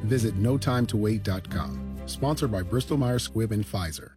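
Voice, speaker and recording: A man reading a radio health ad in a calm, steady voice. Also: fairly low pitch, normal speed, over music, lightly acted. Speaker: ad announcer.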